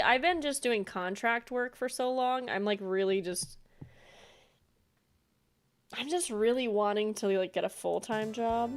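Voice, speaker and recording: A woman's voice: mid-range voice, clean tone. A woman streamer chatting casually with her viewers while she plays, rambling and laughing often. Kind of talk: casual gameplay chat.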